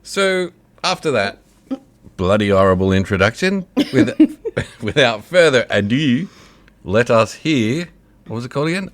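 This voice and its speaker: A man's voice: mid-range voice, big pitch swings, measured pace. A man co-hosting a casual online radio show, joking and laughing with his co-host. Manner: jokey, laughs often, puts on a mock announcer voice.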